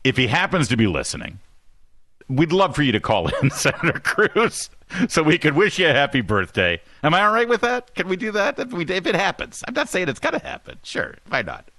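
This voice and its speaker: A man hosting a talk radio show, excitable and self-deprecating, with rambling asides, on a studio microphone. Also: fairly high pitch, brisk, no room sound.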